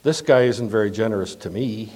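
A pastor delivers a sermon in a lowish, slightly fast voice. He poses rhetorical questions to the congregation and alternates between emphatic lines and hushed asides.

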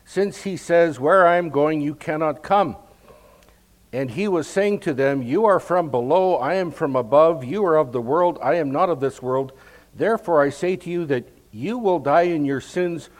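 Slow, measured man teaching scripture. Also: medium pitch. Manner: measured, explanatory, emphatic on key words. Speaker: Bible teacher. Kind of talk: verse-by-verse Bible teaching.

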